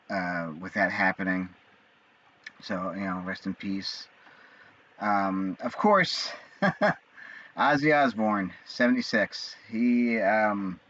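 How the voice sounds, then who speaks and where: A man in his forties talking casually on his own, rambling and halting with many fillers and restarts. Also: fairly low pitch, pushed and bright. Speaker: vlogger. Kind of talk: casual monologue. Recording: dull lo-fi sound.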